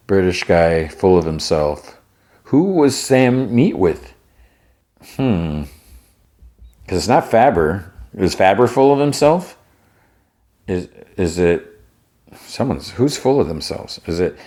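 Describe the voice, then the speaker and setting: Deep-voiced man recapping a show. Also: a little mellow. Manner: thinks aloud while retelling scenes. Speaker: podcast host. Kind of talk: casual episode recap.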